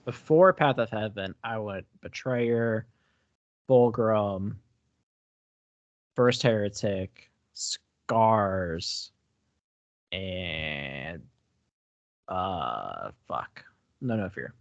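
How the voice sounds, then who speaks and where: Relaxed man chatting, dry close sound. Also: fairly low pitch, no room sound, muffled recording. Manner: relaxed, quick to agree, playful. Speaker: podcast co-host. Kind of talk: casual book review chat.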